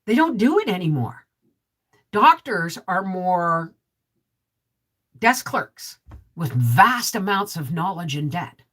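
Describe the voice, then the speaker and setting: A middle-aged woman with a deep, resonant voice, hosting a casual vlog live stream. She chats straight to viewers, reads their comments and keeps asking "right?". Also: very animated, slow, pauses often, a bit bright, breathy edge. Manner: chatty, talks straight to viewers with frequent "right?". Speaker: homesteading vlog host.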